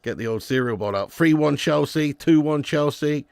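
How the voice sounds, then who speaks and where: A man's voice: a little high, normal speed, creaky, darkish tone, no room sound, studio quality. A young man hosting a live football watch-along, chatting casually and bantering with viewers. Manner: chatty, banter with viewers, jokey put-on accents.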